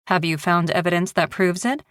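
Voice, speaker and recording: A woman's voice: fairly low pitch, brisk, no room sound, studio quality, lightly acted. A woman reading a probing woman detective. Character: sharp woman homicide detective, curious and probing.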